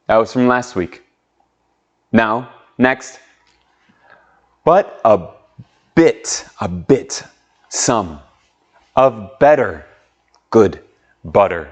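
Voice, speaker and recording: A man's voice: lowish voice, expressive, drawn-out words, long pauses. A man teaching an online English pronunciation lesson, patiently drawing out sounds and leading drills. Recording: muffled lo-fi audio.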